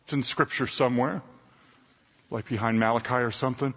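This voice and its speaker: A man preaching a storytelling sermon, swinging between loud bursts and hushed asides. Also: medium pitch, fairly even intonation, fairly quick, slightly rough, big-room sound, lo-fi sound.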